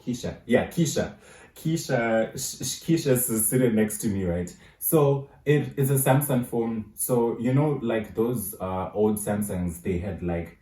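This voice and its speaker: A young man telling a high school story casually, restarting and correcting himself as he goes. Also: mellow. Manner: rambling, self-correcting storytelling. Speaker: vlogger. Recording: roomy echo, mic at a distance.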